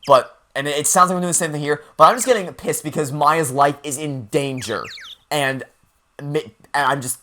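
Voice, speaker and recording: A man's voice: fairly high pitch, moderate pace, bright, forceful tone, slight background noise. Sarcastic man voicing a game. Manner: blunt, sarcastic and easily riled. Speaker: let's play gamer. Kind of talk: reading a game aloud and commenting.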